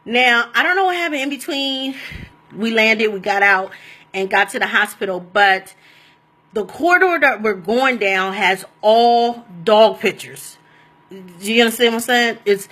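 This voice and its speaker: A woman telling a personal story in a casual, animated and rambling way, often laughing as she goes. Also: on the high side, a little slow.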